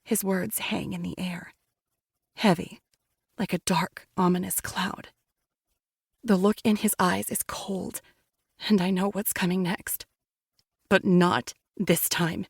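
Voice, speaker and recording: A woman's voice: medium pitch, steady tone, unhurried, gravelly, breathy edge, dry recording, clean studio sound. A woman reading a first-person romance audiobook in a dramatic, intense way. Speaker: audiobook narrator.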